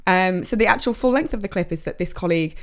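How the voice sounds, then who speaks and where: A woman's voice: lowish voice, lively intonation, quick pace. A woman co-hosting a podcast, chatting casually and gushing, often laughing. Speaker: podcast co-host. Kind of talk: casual chat.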